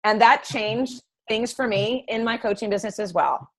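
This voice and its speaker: A middle-aged woman training health coaches in a casual call, chatty and animated, telling anecdotes. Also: on the high side, moderate pace, poor audio.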